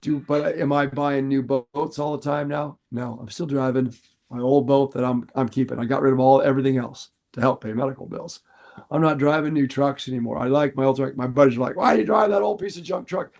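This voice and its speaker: A middle-aged man, a fishing guide, talking earnestly and warmly on a podcast, repeating phrases for emphasis. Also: mid-range voice, level tone, brisk, creaky. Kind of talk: casual podcast talk.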